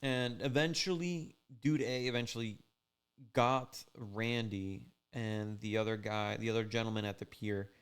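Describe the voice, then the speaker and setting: Easygoing male fishing host, loose rambling storyteller, smooth resonant tone. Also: lowish voice, fairly even intonation, unhurried. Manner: rambling, laid-back, full of "like" and "you know". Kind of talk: casual storytelling recap.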